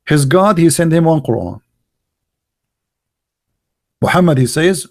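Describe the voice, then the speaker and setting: A man's voice: a little high, lively intonation, unhurried, gravelly, long pauses, a little mellow. A man giving a mocking polemical monologue, full of rhetorical questions and broken grammar. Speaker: religious commentator.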